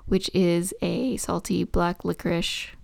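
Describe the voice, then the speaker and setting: A woman's voice: fairly low pitch, fairly even intonation, unhurried, creaky. A woman co-hosting a podcast in casual chat, talking into a podcast microphone in a chatty, rambling, self-deprecating way. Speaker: podcast co-host.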